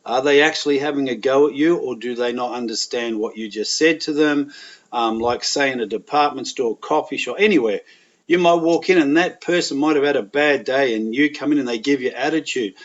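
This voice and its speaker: Man, Australian accent, frank, anecdotal, plain-spoken, middle pitch, dull lo-fi audio. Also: a little fast. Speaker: guest. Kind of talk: candid conversational storytelling.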